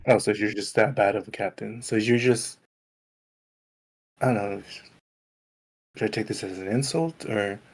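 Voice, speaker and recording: A man's voice: fairly low pitch, moderate pace, pauses often, low-quality recording. A man voicing a grumpy male adventurer who mocks the captain sarcastically. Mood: sarcastic. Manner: mocking, sarcastic.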